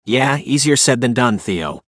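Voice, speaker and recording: A man's voice: mid-range voice, expressive, measured pace, fairly bright tone, no echo, clean studio sound. A man voicing a cocky, playful gadget inventor in an audiobook, with a boastful way of talking.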